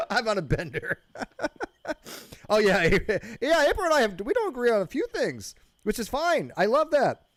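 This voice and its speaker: A man hosting a casual group chat, animated and quick to laugh, often tripping over his words. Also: extremely high pitch, no room sound. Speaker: show host.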